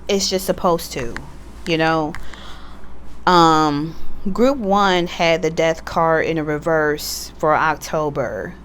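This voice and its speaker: A woman's voice: fairly low pitch, a little hiss or hum. A woman giving a casual pick-a-card tarot reading, chatty and slangy, joking about herself and swearing offhandedly. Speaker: tarot reader.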